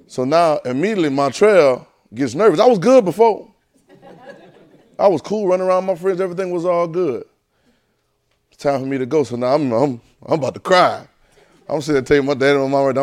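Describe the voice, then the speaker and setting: A man preaching a sermon, telling a childhood story with lively, animated delivery. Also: a little high, fast talker. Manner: animated storyteller, rising to excited near-shouting.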